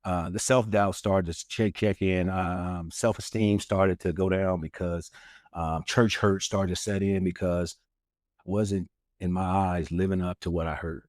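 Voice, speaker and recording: A man's voice: low-pitched, steady tone, measured pace, a little mellow, no echo, studio quality. A man, an author and guest, earnestly telling a personal testimony in a casual interview, acting out the lines of people he quotes. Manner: earnest storyteller who acts out quoted lines; many fillers and restarts.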